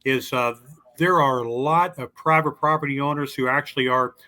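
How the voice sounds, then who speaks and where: Speaking at a moderate pace with a medium-pitched, sharp-toned voice, a Louisville man shares casual stories on a podcast as a guest. His delivery is folksy and drawling, and he acts out the voices of those he met.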